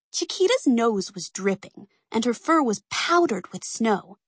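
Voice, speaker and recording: A woman narrating a children's storybook aloud in an expressive, animated way. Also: fairly high pitch, measured pace, slightly rough, dry recording, studio quality.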